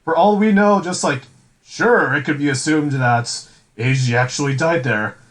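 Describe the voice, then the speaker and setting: A man's voice: fairly high pitch, moderate pace, a bit bright, low-quality recording. A man co-hosting a podcast, rambling through a casual chat with many fillers and restarts. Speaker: podcast co-host.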